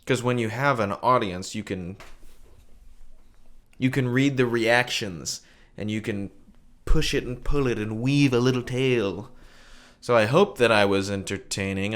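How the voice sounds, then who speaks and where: A man telling a bar story to a camera in a lively way, acting out the quotes as he goes. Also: medium pitch, unhurried.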